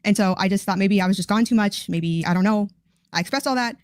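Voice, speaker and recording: A woman's voice: mid-range voice, quick pace, no echo, clean studio sound. A woman on a call giving a hesitant account, stumbling and repeating words. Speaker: guest on a call. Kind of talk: casual account.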